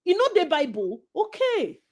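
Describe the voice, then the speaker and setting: A Nigerian woman co-hosting a casual gossip chat, animated and preachy, slipping into Pidgin. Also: very high-pitched, normal speed. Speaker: co-host.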